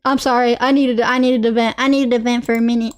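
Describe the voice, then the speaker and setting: A young adult woman streamer in a casual live-stream rant, animated, repeating lines and apologizing between outbursts. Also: on the high side, fast talker. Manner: animated, ranting and repeating herself, with laughs and apologies.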